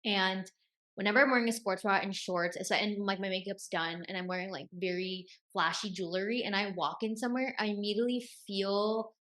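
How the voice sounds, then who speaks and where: A woman's voice: mid-range voice, fairly even intonation, brisk, a bit bright. A young woman hosting a self-help video, giving casual motivational advice and repeating key phrases for emphasis.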